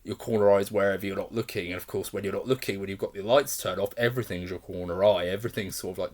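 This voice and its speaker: A man with a fairly low voice talks through a film in a loose, unscripted review. He rambles and doubles back as he talks. He is openly enthusiastic and laughs often. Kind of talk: casual spoken film review.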